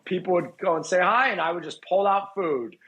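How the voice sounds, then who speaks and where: Blunt male guest dog trainer, swears freely, slightly higher voice, casual podcast chat. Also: fairly quick, a bit bright, a little hiss or hum, rough recording. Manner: blunt, profane, acts out dogs' thoughts.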